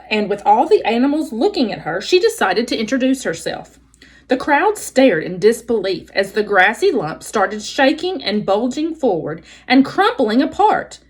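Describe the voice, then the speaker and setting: A woman's voice: on the high side, slightly rough. A woman teacher reading a children's novel aloud expressively, adding brief explanations for her listeners.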